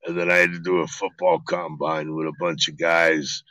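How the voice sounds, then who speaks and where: A middle-aged man, a guest actor, telling animated, profane stories in an interview. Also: low-pitched, moderate pace, no room sound, low-quality recording. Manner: animated, profane storytelling with acted quotes. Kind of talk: storytelling interview.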